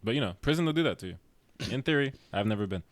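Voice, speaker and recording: A man's voice: medium pitch, lively intonation, racing, no room sound. Podcast co-host, male, wry and joking, close dry sound. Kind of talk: casual movie review chat.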